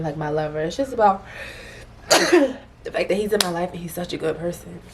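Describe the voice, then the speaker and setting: A woman's voice: lowish voice, slight background noise. A young woman, a single mother, talking candidly in a casual confessional vlog, rambling and conversational. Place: bedroom at home with open window.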